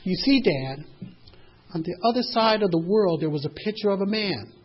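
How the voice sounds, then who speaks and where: A man voicing an eager four-year-old boy in a high, excited child voice within a story. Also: moderate pace, husky. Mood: proud. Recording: dull lo-fi recording.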